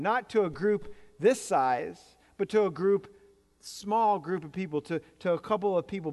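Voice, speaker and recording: A man's voice: sits high, moderate pace, darkish tone. A man preaching a sermon in a church, talking to the congregation in a conversational way with jokes and repeated words. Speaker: pastor. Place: church sanctuary. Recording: reverberant hall.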